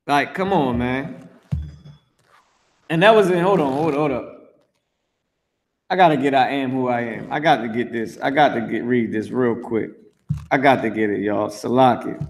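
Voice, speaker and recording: A man's voice: medium pitch, moderate pace, pauses often. A man reading scripture aloud and commenting on it in a brash, profane, mocking way, teaching an online class. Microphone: streamed voice chat.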